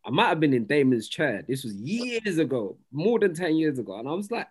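A man, co-hosting a podcast and telling stories in a passionate, animated way. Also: fairly high pitch, a little fast, hardly any pauses, slightly rough. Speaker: podcast co-host. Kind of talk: casual chat.

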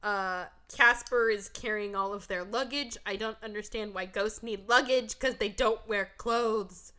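Bright-voiced woman podcast host. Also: medium pitch. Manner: animated, profane plot recap with quick mock voices. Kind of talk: casual movie-review chat.

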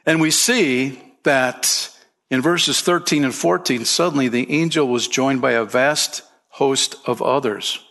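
A man's voice: medium pitch, unhurried, fairly bright tone. A man preaching a sermon as pastor, emphatic, lifting his voice for key points and calling listeners "man" and "friend".

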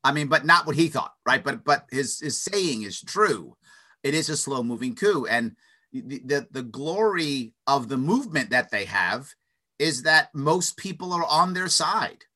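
A man talking as an interview guest, giving an opinionated, animated argument with stuttered restarts and frequent "right?" tags. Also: mid-range voice, measured pace. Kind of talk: opinionated conversational monologue.

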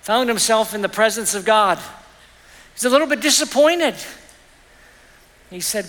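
A man's voice: high voice, lively intonation, unhurried, long pauses, fairly bright tone. A middle-aged man preaching a sermon as pastor, earnest and personal, telling stories to make his point. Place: church. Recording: reverberant church hall.

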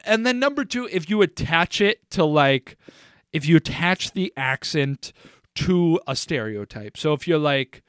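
A man co-hosting a podcast, rambling loudly and jokingly in casual chat, swearing freely. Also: on the high side, expressive, a little slow, smooth, no echo, studio quality. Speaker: podcast co-host.

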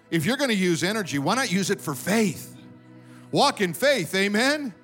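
A man preaching from the pulpit in a high, ringing voice, driving his points home and calling for amens from the church. Faint music plays quietly beneath his sermon. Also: very animated, measured pace, pauses often. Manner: emphatic preaching, calls for amens. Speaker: pastor. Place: church sanctuary with congregation.

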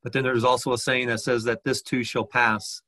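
A man leads a reflective sermon, pausing often and restarting his phrases. His voice has a bright, forward tone. The sound is dry and close. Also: medium pitch, flat delivery, dry recording. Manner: hesitant, many fillers and restarts. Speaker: pastor.

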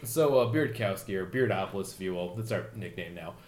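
A man's voice: low-pitched, lively intonation, a little fast, a little mellow, reverberant. A man playing in a casual tabletop game, making wry quips. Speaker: player.

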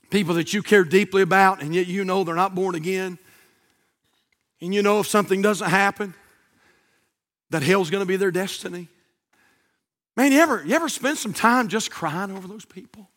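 A middle-aged male pastor, preaching a sermon that swings from loud high cries down to hushed whispers.

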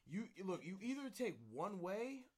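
A man's voice: high-pitched, big pitch swings, unhurried, a little mellow. A young man chatting casually as a podcast co-host, rambling and swearing freely. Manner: rambling, profane, laid-back. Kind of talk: casual chat.

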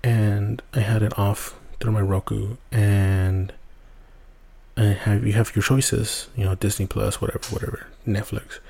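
Guy rambling through a story on his podcast, kinda husky, lots of cussing. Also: on the low side, little pitch movement, measured pace, dark tone. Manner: rambling, swears often, restarts a lot. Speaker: podcast host. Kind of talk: casual storytelling.

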